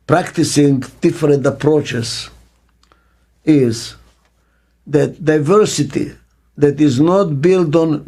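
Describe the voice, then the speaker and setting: Slow, emphatic older man. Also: on the high side, a little mellow. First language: Hebrew. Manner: slow, emphatic, repeats key words. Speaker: business consultant. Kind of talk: interview monologue.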